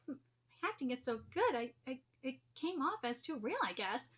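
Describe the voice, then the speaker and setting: A woman's voice: high-pitched, very animated, moderate pace, fairly bright tone, breathy edge, lo-fi sound. A woman streamer reading a manga aloud live and reacting playfully. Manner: reads every character aloud herself, playful.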